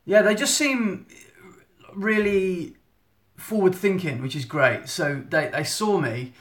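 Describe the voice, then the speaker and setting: A man's voice: high voice, slow pace, a bit bright. Chatty man streaming from a phone. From England. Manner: chatty, rambling, self-interrupting. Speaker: photographer giving a monthly live update. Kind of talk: casual live-stream chat. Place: indoor room at home. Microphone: phone at arm's length. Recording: echoey room on phone.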